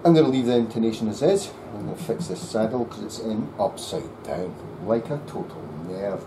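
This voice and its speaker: Guy muttering through a bass setup, lowish voice, aircon humming behind. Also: lively intonation, brisk, noisy background. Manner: muttering to himself while working. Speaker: luthier. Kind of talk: workshop commentary. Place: workshop.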